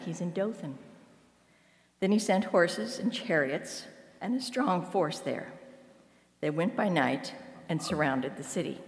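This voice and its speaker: A woman reading scripture aloud in a church at a measured pace. She raises her voice for the quoted speech. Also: sits low. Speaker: scripture reader. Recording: echoey hall with long reverb.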